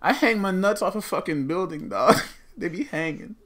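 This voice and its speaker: A man's voice: high-pitched, lively intonation, normal speed, fairly bright tone, pitched above the performer's own voice. A man doing an impression of a boastful young rapper who brags crudely. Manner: swaggering, crude bragging.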